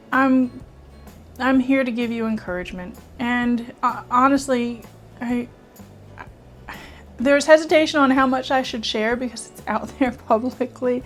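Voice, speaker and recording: A middle-aged woman sits in her home studio and speaks openly to her viewers, her voice set a little high. She talks in an earnest, halting way, stumbling and restarting, close to tears at times. Faint music plays under her voice. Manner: earnest, halting, with many restarts and soft laughs. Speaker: art YouTuber and children's author. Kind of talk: heartfelt personal vlog talk. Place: home studio with painting behind.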